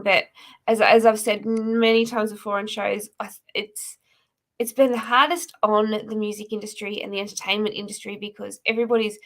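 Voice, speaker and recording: A woman's voice: fairly high pitch, a bit bright. A woman from Australia hosting a live video interview, agreeing often and chatting along encouragingly. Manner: encouraging, frequent agreeing backchannels. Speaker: host. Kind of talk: casual interview chat.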